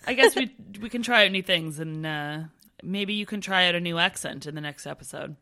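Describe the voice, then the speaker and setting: A Canadian woman co-hosting a podcast in casual chat, playful and quick to laugh. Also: lowish voice, bright, forceful tone. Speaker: podcast co-host.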